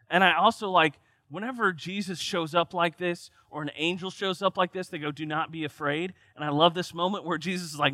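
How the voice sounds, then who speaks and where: A man's voice: on the high side, a little fast, hardly any pauses, pushed and bright, dry recording. A man preaching a sermon, reading scripture aloud and then explaining it with rising emphasis.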